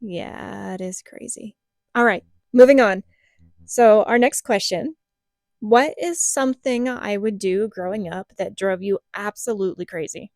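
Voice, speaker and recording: A woman hosting a podcast in casual chat, asking questions in a steady, reflective way. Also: mid-range voice, unhurried, dry recording, studio quality. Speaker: podcast host.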